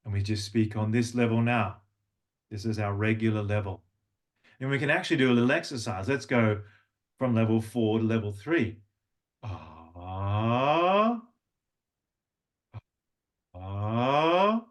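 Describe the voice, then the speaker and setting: A man's voice: lowish voice, brisk. A man working as a voice coach, leading a live workshop and patiently talking participants through vocal exercises. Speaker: language and voice coach.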